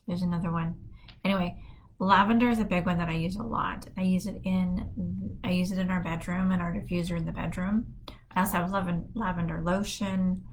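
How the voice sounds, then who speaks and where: Relaxed, rambling woman wellness host. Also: on the low side, normal speed, slight background noise, rough recording. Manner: relaxed, rambling, many fillers. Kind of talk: casual solo talk. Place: home office.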